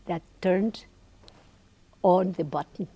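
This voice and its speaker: An older woman, a podcast guest, telling her story in an animated way and poking fun at herself. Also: fairly low pitch, slow, slightly rough, dull audio. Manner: animated, lively storytelling with playful self-mockery. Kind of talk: storytelling interview answer.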